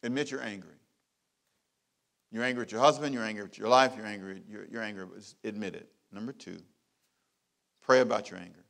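A middle-aged man, a pastor, preaching a sermon with emphatic repeated phrases and big swings in loudness. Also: lowish voice, steady tone, a little fast, creaky, pauses often.

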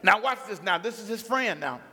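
Male preacher, high and bright, lively storytelling sermon in a reverberant hall. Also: fairly quick. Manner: animated storytelling, acts out biblical characters.

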